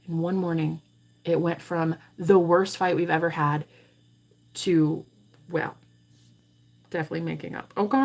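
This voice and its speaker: Woman on a live tarot stream, cusses a lot, animated story telling, middle pitch. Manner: blunt, profane, animated storytelling. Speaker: tarot reader and livestream host. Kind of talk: livestream talk to viewers.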